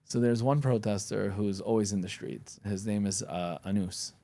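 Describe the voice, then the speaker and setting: Blunt, gravelly-voiced man. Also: lowish voice, moderate pace, mellow. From Syria. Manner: blunt, profane storytelling. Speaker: podcast guest, attorney. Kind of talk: casual interview conversation.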